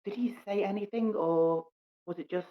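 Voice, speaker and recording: A woman playing a tabletop game, speaking gently and earnestly with some hesitation. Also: medium pitch, normal speed. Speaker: player. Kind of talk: in-character tabletop play. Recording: dull lo-fi recording.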